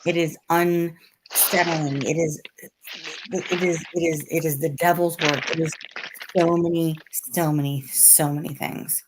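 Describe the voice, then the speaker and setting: A woman with a low-pitched voice talks with a livestream co-host, heated and emphatic, circling back on her own words. There is steady noise and clicking behind her. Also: a little slow. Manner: heated, repetitive, emphatic venting. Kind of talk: casual livestream chat.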